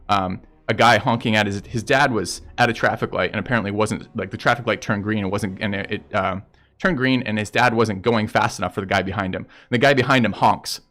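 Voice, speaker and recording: A man's voice: lowish voice, fairly bright tone. Blunt, profane man ranting. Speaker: streamer. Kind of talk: casual stream chat.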